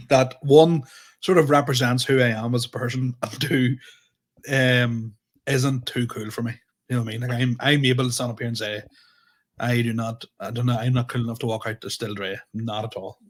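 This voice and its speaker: A young man co-hosting a comedy podcast, laughing often and talking in a halting, casual way. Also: medium pitch, steady tone.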